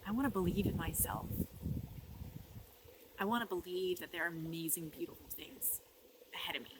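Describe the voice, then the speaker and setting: A woman talking earnestly in a personal vlog, emotional and reflective, often dropping softly and laughing between thoughts. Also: on the low side, moderate pace, noisy background. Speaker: vlogger. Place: art residency.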